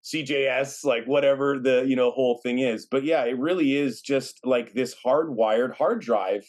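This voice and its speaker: Podcast co-host, man, forties, rambling casual talk, middle pitch. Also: moderate pace, darkish tone. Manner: rambling, many fillers and restarts. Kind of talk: casual chat.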